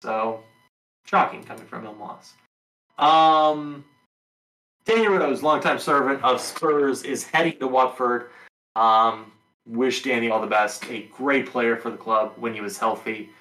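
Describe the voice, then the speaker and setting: A man hosting a sports podcast, talking in a relaxed, rambling way with lots of ums. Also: mid-range voice, unhurried, roomy sound, rough recording. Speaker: podcast host. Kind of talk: casual sports talk.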